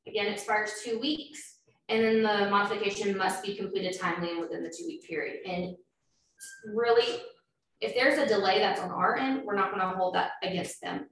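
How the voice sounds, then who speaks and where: A woman talks through a process in an easygoing, explanatory way, filling pauses with "um". She sounds set back from the microphone in a very echoey room. A faint hiss runs under her voice. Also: mid-range voice, fairly bright tone. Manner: explanatory, filler-heavy. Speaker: loan officer presenting. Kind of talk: informal presentation. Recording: echoey room, far from mic, faint noise.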